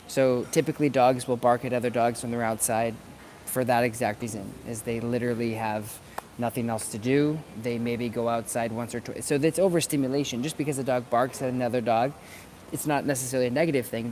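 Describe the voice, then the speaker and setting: Outdoors near some planters, a dog trainer talks casually to camera in a brisk, medium-pitched voice with a darkish tone and fairly even intonation. His instructional chat is conversational, and he repeats words as he thinks things through, with slight background noise.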